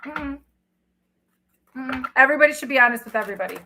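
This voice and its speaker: A middle-aged woman who reads tarot chats casually with her livestream audience, blunt, emphatic and full of profanity. Her voice is high-pitched, expressive and fast, with a noisy background.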